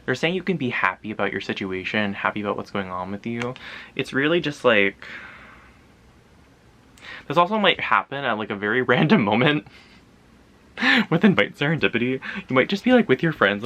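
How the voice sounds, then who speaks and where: Bright-voiced man giving a tarot reading. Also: lowish voice, lively intonation, fairly quick. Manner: rambling, loose, frequent fillers and swearing. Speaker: tarot card reader. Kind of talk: casual pick-a-card tarot reading.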